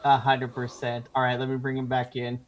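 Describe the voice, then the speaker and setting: A woman's voice: rumbling low, monotone, fairly quick, rough recording. A woman hosting a casual wrestling recap, gushing over favorites and laughing often. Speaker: podcast host.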